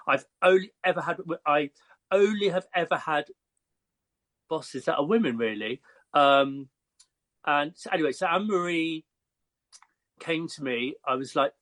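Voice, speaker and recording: An English man in his fifties tells stories as a podcast guest, in a fairly high voice. He talks in a lively, chatty way with plenty of fillers. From Croydon, England. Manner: lively, chatty, laughs often, with frequent fillers. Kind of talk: casual storytelling.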